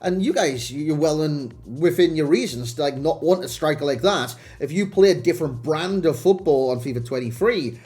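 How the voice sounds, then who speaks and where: A man's voice: on the high side, expressive, moderate pace, few pauses, darkish tone. A young man chatting casually to his viewers as he reviews a game card. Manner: chatty, addresses viewers as lads and boys. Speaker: gaming video creator. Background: faint background music.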